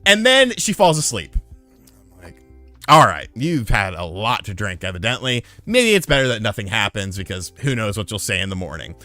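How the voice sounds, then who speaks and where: Young man, streamer, bright tense voice, lively swooping pitch, profane storytelling, dry close mic. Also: moderate pace, no echo, faint music behind. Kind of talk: casual storytelling to a live chat.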